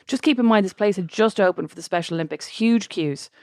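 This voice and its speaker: An Irish woman co-hosts a podcast and reads listener messages out loud. Her voice sits in a middle register and sounds close and dry. She drops wry little asides as she reads. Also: medium pitch, fast talker, creaky, no echo. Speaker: podcast co-host. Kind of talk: casual chat, reading listener messages aloud.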